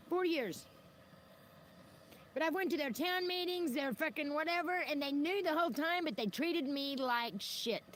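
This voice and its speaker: A woman's voice: sits high, a bit bright, a little hiss or hum. A woman ranting on a livestream, rambling and combative, with heavy swearing.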